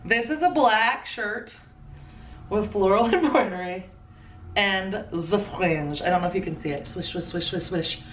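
A woman in her thirties giving a chatty, playful fashion haul commentary with quick asides. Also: medium pitch, reverberant, far from the mic, slight background noise. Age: 30s. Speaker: fashion vlogger.

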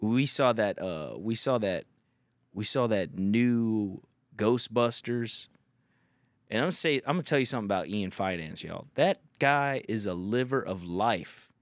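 A man's voice: on the low side, lively intonation, a little slow, no echo. A young man hosting a podcast, telling a rambling, profane story in casual chat. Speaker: podcast host.

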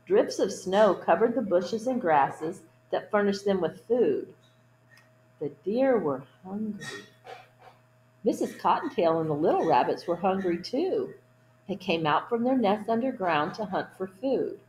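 Woman storytime reader, picture-book read-aloud, gentle asides to children. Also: mid-range voice, lively intonation, a little slow, echoey room, slight background noise, low-quality recording. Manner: gentle asides to young listeners.

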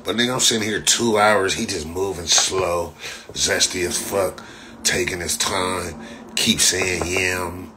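A low-pitched man, talking in a loose, profane live-stream ramble. His voice is forceful and mocks freely, with a faint hiss behind it. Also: steady tone, unhurried. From Los Angeles. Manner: profane, mocking, rambling storyteller. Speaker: livestreamer. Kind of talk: casual live-stream chat.

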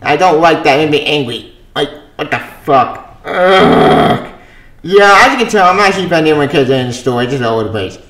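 A man with a somewhat high voice talks his way through a comic book review in a loose, rambling manner. He sounds exasperated and swears freely. The room around him has a noticeable echo. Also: animated, fairly quick, fairly bright tone, a little hiss or hum. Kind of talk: casual spoken review.

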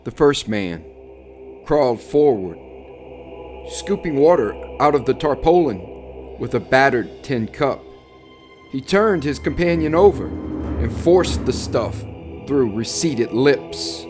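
A man narrating a horror story in a measured, suspenseful dramatic reading. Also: medium pitch, expressive, darkish tone. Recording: faint music under the voice.

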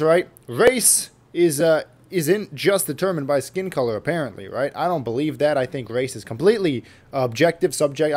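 A man's voice: medium pitch, darkish tone. A young man ranting to camera in a vlog, sarcastic and rambling, full of swearing. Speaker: vlogger. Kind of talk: casual comedic rant to camera.

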